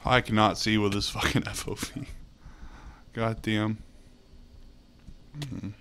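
A man giving excitable gameplay commentary, laughing often and swearing. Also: on the low side, slow pace, a little hiss or hum. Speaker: gamer.

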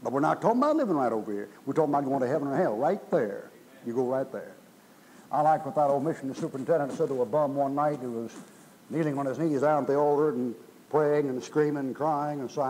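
A man's voice: mid-range voice, expressive, fast, darkish tone, a little hiss or hum, rough recording. A middle-aged man preaching a sermon in a folksy, emphatic way, his voice rising in bursts. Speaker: pastor.

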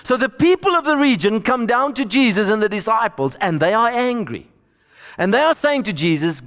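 A man's voice: very high-pitched, big pitch swings, normal speed, a bit bright. A man preaching a sermon as a storyteller, acting out the voices of the people in the story. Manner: storytelling preacher, acts out voices of the disciples and Jesus. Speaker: pastor. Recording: long hall reverb.

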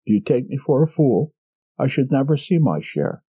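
A man reading a story, voicing a hard young man who speaks with cold, dangerous calm. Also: mid-range voice, moderate pace, slightly rough, no echo. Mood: suspicious. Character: hard young man, coldly suspicious, furious. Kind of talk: audiobook character reading.

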